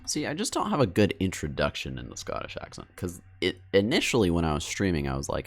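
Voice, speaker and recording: A man's voice: deep voice, huge pitch swings, a little fast, hardly any pauses, faint music behind. A young man streamer chatting casually with his viewers while editing a video, rambling and cutting himself off. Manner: rambling, self-interrupting, addressing chat.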